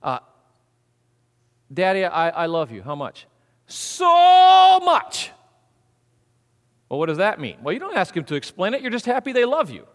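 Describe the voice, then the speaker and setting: A man preaching a sermon, animated and conversational, swinging from hushed asides to booming emphasis. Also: fairly quick. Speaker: pastor. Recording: long hall reverb.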